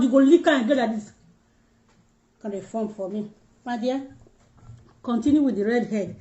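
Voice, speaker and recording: A chatty Nigerian woman with a high, mellow voice, talking to her viewers in pidgin-flavoured English as she eats. The sound is dull and lo-fi, like cheap phone audio. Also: fairly quick. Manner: chatty, mixes pidgin, addresses viewers directly. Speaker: livestream host. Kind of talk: casual livestream chat while eating.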